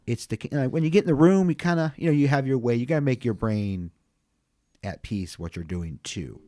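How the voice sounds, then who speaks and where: A man's voice: medium pitch, animated, fairly quick, warm tone, dry recording, clean studio sound. A man, a funeral home owner, chatting casually on a podcast and telling rambling stories with plenty of swearing. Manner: profane, rambling storyteller.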